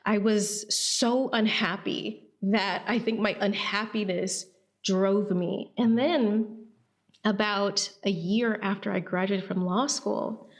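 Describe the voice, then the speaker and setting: A woman guest on an interview podcast tells her own story. She is animated and dramatizes quoted voices, and her pitch sits in a middle range. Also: slow. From Atlanta, US.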